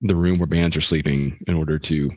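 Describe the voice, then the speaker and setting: Man co-host with a very deep voice, halting and wry, dry studio mic. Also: fairly even intonation, darkish tone, no room sound. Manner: halting, restarts often, wry questions. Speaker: podcast co-host. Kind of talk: casual comedic chat.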